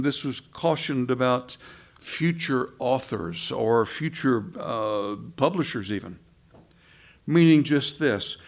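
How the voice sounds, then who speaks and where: Gravelly-voiced man preaching a sermon. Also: medium pitch. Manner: conversational, with asides and rhetorical questions.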